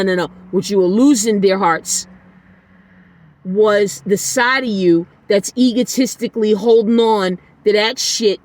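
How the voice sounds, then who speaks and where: A woman hosting a solo podcast, ranting bluntly and with exasperation, swearing now and then. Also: mid-range voice. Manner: soft, tired sign-off. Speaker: podcast host.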